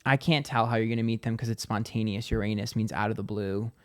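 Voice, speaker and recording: A man's voice: on the low side, fairly even intonation, fast talker. A man giving a casual tarot card reading to camera, chatty and profane, acting out little scenes as he goes. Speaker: tarot reader.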